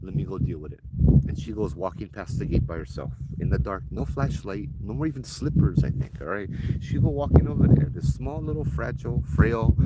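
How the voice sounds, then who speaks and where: Hawaiian Pidgin-accented guide, lowish male voice, lively storyteller, loud noise behind, for an outdoor ghost tour. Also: a little fast, few pauses. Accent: Hawaiian Pidgin English. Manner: animated, laughing, acts out the people in his tale. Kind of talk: casual live storytelling to a group. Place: outdoors at an old temple site.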